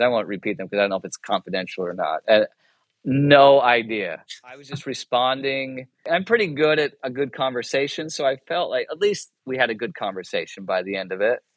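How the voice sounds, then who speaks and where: A man's voice: medium pitch, dry recording. A man telling a personal story as a guest in a casual interview, rambling and self-interrupting, chuckling often and acting out the dialogue. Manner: acts out dialogue in his anecdotes. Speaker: guest, military chaplain.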